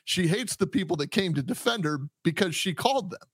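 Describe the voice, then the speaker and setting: A man, a veteran police officer, commenting casually with frequent laughs and halting restarts. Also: high-pitched, expressive, a bit bright, husky, no echo, studio quality. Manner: amused, halting, laughs often.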